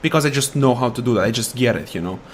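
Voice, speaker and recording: Man, gameplay commentary, sarcastic rants, mid pitch, faint background hum. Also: lively intonation, quick pace. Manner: ranting, sarcastic, taunts enemies. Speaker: gaming YouTuber.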